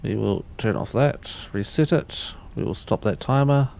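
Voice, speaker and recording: Low-voiced man streaming a flight sim. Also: expressive, a little slow, creaky, a little mellow. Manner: talks through cockpit steps while chatting with viewers; rambling, loose restarts. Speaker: livestreamer. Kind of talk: casual livestream commentary.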